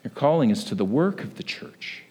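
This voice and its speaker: A man preaching a sermon as a pastor, telling a story with lively acted-out voices. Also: medium pitch, normal speed.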